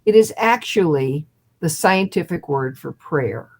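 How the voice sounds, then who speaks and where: An older woman in her seventies, a hypnotist guest, telling an animated story over a video call. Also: sits low, a little slow. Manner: lively storyteller who acts out quotes and laughs.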